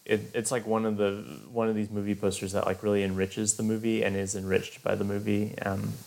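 Guy with a gravelly lowish voice, co-hosting a movie podcast, lots of likes and ums. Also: flat delivery, a little fast, darkish tone, rough recording. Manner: rambling, full of fillers. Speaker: podcast co-host. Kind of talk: casual film podcast chat.

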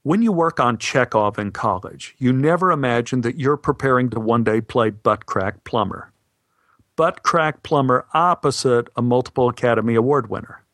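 Dry, deadpan man telling a story. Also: mid-range voice, dry recording. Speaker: actor. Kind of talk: storytelling monologue.

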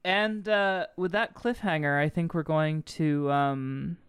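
A woman podcast co-host reading a story aloud and bantering in a deadpan way. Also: deep voice, slow, clean tone.

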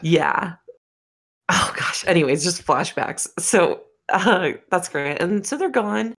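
A woman's voice: on the low side, expressive, slow, fairly bright tone. A woman cohosting a podcast in casual chat, swearing freely, laughing often and rambling in asides. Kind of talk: casual chat recapping a dating show.

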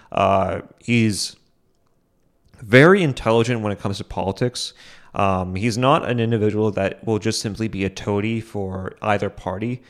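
A young man talks through his solo podcast in a loose, rambling way, with lots of fillers and side remarks. His voice sits fairly low. He often pokes fun at himself and breaks into small chuckles. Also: brisk, clear, resonant tone. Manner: rambling, full of fillers and asides; self-deprecating, chuckles often. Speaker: podcast host.

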